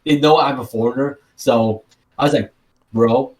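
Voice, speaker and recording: A man's voice: medium pitch, normal speed, darkish tone. A man from Taiwan with a Taiwanese accent, co-hosting a casual podcast and telling rambling stories with repeated words and restarts. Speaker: podcast co-host.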